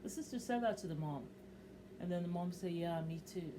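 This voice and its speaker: Animated, opinionated middle-aged woman. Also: on the low side, a little fast, noisy background. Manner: animated, opinionated, quotes people in her own voice. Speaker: reaction show co-host, mother. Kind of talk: casual reaction chat.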